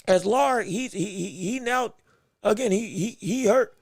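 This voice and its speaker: A man calling a fight blow by blow on his own livestream, excited and repetitive, restarting his phrases, with the hiccups and eating as he talks. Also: high-pitched, a little slow, vocal fry, no room sound, clean studio sound. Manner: repeats himself, restarts phrases, eats and talks at once. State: has the hiccups. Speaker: podcast host giving live fight commentary.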